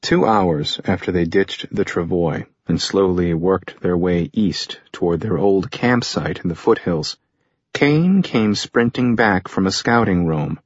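A man narrating a thriller audiobook in a steady storytelling manner. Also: low voice, unhurried, slightly rough, dry recording. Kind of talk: scripted narration. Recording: dull lo-fi recording.

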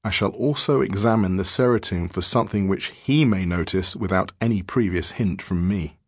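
Man, horror story narration, grave, measured, low, husky, dry close mic. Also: no echo. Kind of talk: scripted narration of a diary-form horror story.

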